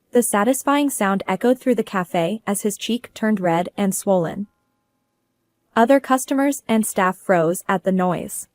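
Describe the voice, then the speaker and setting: Woman telling a story first person, calm and businesslike, dry sound. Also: medium pitch, dry recording. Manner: cool and businesslike. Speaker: narrator.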